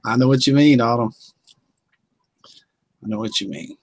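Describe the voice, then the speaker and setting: Southern guy from north carolina, folksy live stream chat, drawls along reading comments, kinda husky, dry sound. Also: medium pitch, moderate pace, no echo, rough recording. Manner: folksy, drawling, reads viewer comments aloud.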